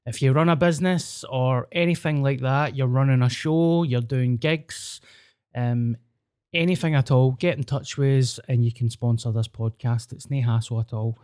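A man with a Glaswegian Scottish accent hosting a podcast, rambling in a casual, sweary, deadpan way. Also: medium pitch, normal speed, smooth, no echo, studio quality. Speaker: podcast host. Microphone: podcast mic.

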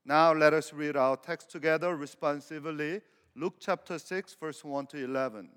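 Clear-voiced pastor preaching in an echoing hall. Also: male voice, on the high side, steady tone, normal speed, a bit bright. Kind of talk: sermon. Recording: long hall reverb.

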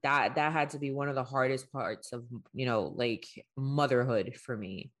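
Low-voiced woman sharing a painful story. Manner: emotional, halting, with many fillers. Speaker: podcast co-host. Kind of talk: candid personal conversation.

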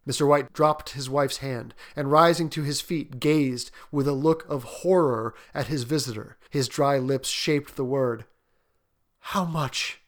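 A man narrating a classic story aloud in an even, unhurried manner. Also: medium pitch. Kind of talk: audiobook narration.

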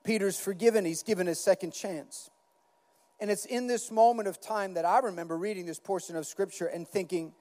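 A man's voice: sits high, normal speed, warm tone, long reverb tail. A man preaching a sermon as pastor, earnest, acting out Bible dialogue with rising intensity.

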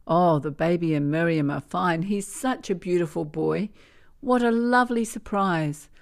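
A woman voicing a caring grandmother who chats brightly and reassuringly on the phone. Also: fairly low pitch, measured pace, creaky. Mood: cheerful.

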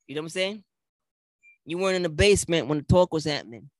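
High-voiced man riffing on scripture. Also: lively intonation, quick pace, no room sound, clean studio sound. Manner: playful, repeats lines for emphasis, laughs often. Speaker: podcast co-host. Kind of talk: casual faith talk.

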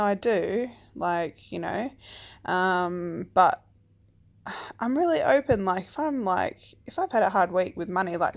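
Creaky-voiced woman telling a rambling story. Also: on the low side, highs cut off. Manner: rambling, full of "like" and "um", swears freely. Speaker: single parent telling a personal story. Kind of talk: casual personal storytelling.

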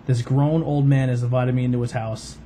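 A man's voice: mid-range voice, little pitch movement, fairly quick, warm tone, slight background noise. A man, hosting a podcast and telling a long story in a rambling casual way, full of fillers and acted-out quotes. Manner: rambling, many fillers, acts out quoted voices. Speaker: podcast host.

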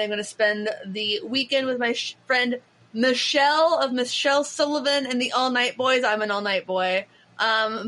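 Bright, chatty woman podcaster. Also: a little high. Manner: chatty, animated storytelling with quick asides. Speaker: podcast co-host. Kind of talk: casual chat.

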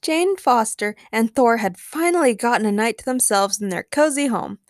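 A woman's voice: a little high, lively intonation, moderate pace, no echo, studio quality. A woman hosting a podcast, chatting playfully and then narrating short fan stories. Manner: upbeat, playful, giggles at her own jokes. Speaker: podcast host and fanfic narrator. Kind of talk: casual podcast chat and storybook narration.

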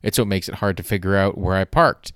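A young man tells a rambling, exasperated comedic story, swearing casually as he goes. His voice sits a little low and sounds smooth and clear. The recording is dry and close, with no room sound. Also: a little fast, a bit bright, no room sound. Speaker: podcast host.

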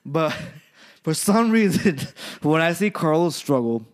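A man's voice: a little high, big pitch swings, takes it slowly, clear, resonant tone. A man co-hosting a casual podcast chat, swearing constantly and laughing through his rambling stories. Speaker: podcast co-host.

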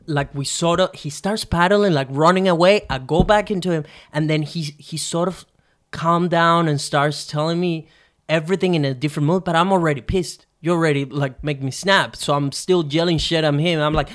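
A man co-hosting a podcast, telling a story in casual chat, animated and profane, with quick restarts and lots of fillers. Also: fairly high pitch. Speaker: podcast co-host.

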